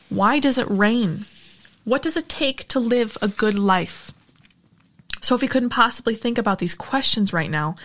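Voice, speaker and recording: A woman narrating a novel in a steady storytelling manner, as a regular audiobook reader. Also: a little high. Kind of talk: reading a novel aloud.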